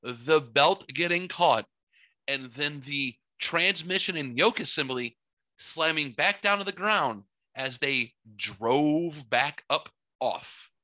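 A man spins a rambling, profane story in a bright, forceful voice. He acts out his own outbursts with theatrical flair. The sound is dry and close. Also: fairly high pitch, slow, dry recording. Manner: animated, profane, theatrical retelling. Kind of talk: casual storytelling.

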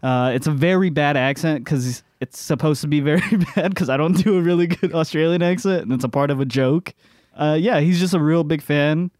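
Smooth-voiced rambling man. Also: a little high, brisk, darkish tone, dry recording, studio quality. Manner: rambling, with many fillers and laughs. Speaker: tabletop game player. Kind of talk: casual chat introducing a character.

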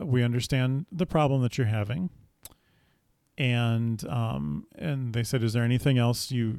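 Rambling man with a gravelly voice. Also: medium pitch, darkish tone, dry recording, clean studio sound. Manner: rambling, full of fillers and restarts. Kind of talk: casual storytelling monologue.

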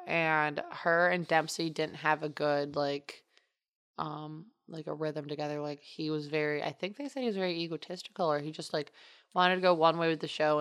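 Young woman co-host, low gravelly voice, loose chatty storyteller. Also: a bit bright. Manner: rambling, chatty storytelling with fillers. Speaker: podcast co-host. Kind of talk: casual chat.

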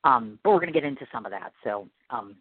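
A woman from the Midwest hosting a podcast interview, excitable and gushing, calling herself nervous. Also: extremely low pitch, fast talker, husky, no room sound. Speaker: podcast host. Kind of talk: casual interview chat. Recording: dry, tinny phone-like sound.

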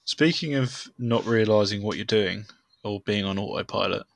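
A man's voice: on the low side, moderate pace, creaky, no echo. A young man, a podcast co-host, telling swearing, self-mocking stories in casual chat. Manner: swearing storyteller, laughs at himself.

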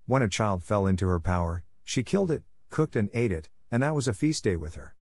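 A man narrating a fairy tale in a steady, measured storybook reading. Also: lowish voice, no room sound, studio quality.

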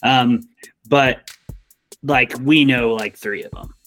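A man's voice: medium pitch, steady tone, takes it slowly, fairly bright tone. A man co-hosts a casual podcast in a mid-range voice. He jokes and rambles with lots of fillers and half-finished phrases. A faint bed of music sits under the talk. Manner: joking, rambling with many fillers. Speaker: podcast co-host.

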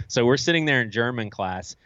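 A man being interviewed, telling candid stories about his past in a casual, animated way and acting out what he once said to himself. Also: mid-range voice, a little fast, clean tone, dry recording, lo-fi sound. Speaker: guest author.

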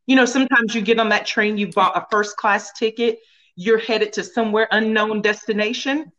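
A woman's voice: mid-range voice, steady tone, moderate pace, fairly bright tone, muffled recording. A woman guest in a casual conversation, speaking earnestly about faith and often laughing.

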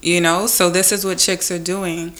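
A woman chatting casually, with a bright, forward voice. She tells her stories emphatically and with indignation. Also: lowish voice, little pitch movement, normal speed. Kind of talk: casual chat.

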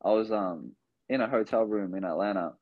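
A man's voice: lowish voice, a little fast, no room sound, phone-quality sound. A young man from Australia with an Australian accent, telling stories as a guest in a casual interview, full of fillers. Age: young adult. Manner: rambling, filler-heavy storytelling. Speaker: guest, basketball player.

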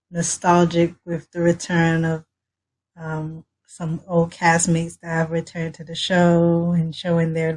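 A woman's voice: on the low side, a little mellow. A woman hosting a podcast in a loose, upbeat, chatty way. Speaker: podcast host. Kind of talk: casual podcast chat.

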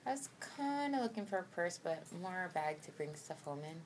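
A woman with a low voice chats casually in a car, relaxed and full of filler "likes". Faint background noise runs under her. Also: a little fast. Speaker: guest, host's wife. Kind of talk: casual chat.

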